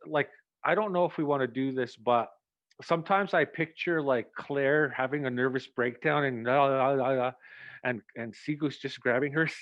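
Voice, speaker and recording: Animated male theatre director on a lo-fi line. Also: mid-range voice. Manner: animated, acts out lines, chuckles often. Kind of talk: giving rehearsal notes. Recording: dull, dry lo-fi sound.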